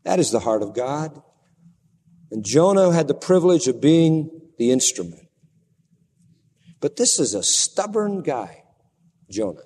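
A man preaching a sermon in a dramatic, animated way that plays up the story for his listeners. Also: on the high side, unhurried, long pauses, slight background noise. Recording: long hall reverb.

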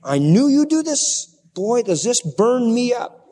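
A man voicing an angry, sulking male prophet who complains in a high, strained voice. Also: big pitch swings, moderate pace, a little mellow. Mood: indignant. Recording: long hall reverb.

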